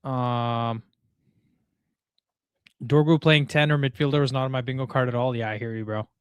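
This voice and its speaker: Excitable young man reacting to football. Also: mid-range voice, normal speed, clear, resonant tone, no room sound, highs cut off. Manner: excitable, slangy, frequent "bro" and "dude". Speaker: watchalong host. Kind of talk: live football watchalong commentary.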